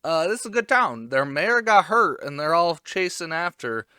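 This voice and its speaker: A man doing a loud, boastful boy pirate captain. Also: fairly high pitch, sing-song, moderate pace, clear, resonant tone, no room sound, clean studio sound, voice pushed up. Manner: boastful, shouty.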